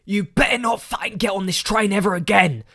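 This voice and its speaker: A man acting out a big, furious man who shouts and swears on a train. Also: high-pitched, fairly quick, gravelly, pitched above the performer's own voice, heavily acted. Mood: furious shouting. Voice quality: bellowing, swearing.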